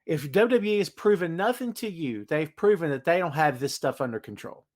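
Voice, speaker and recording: A man's voice: fairly high pitch, fairly quick. A man hosting a solo wrestling podcast, ranting with energy and reading out chat comments. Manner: animated ranting, hypes predictions, reads chat comments. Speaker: podcast host. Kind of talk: solo live-stream wrestling talk.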